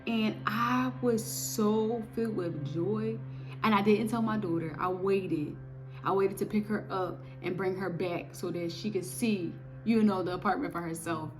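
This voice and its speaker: A young woman telling her faith testimony in a lively, preachy way, talking straight to her viewers. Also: mid-range voice, a little hiss or hum. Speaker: testimony speaker. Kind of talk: casual spoken testimony.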